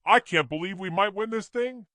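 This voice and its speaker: A man voicing an excitable woman running for office in a storybook reading. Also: high-pitched, moderate pace, no room sound, pitched above the performer's own voice. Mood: excited.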